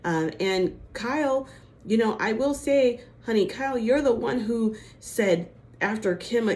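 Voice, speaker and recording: A woman's voice: mid-range voice, moderate pace, a little mellow. A woman giving a casual, chatty recap of a TV episode, full of "like" and "you know" and acting out the quotes. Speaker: reality TV recap host.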